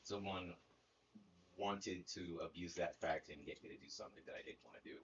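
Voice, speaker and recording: Deep-voiced laid-back man telling a story. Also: steady tone, fairly quick, fairly bright tone, lo-fi sound, a little hiss or hum. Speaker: co-host. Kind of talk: casual storytelling.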